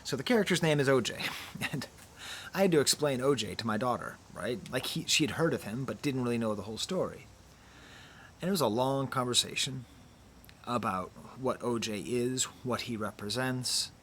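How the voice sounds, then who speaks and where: Soft-spoken middle-aged man musing to camera. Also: mid-range voice, expressive, slight background noise. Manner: soft, near-whispered delivery; musing, with quick laughs. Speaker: YouTube critic. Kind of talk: casual film commentary to camera. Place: outdoors near trees.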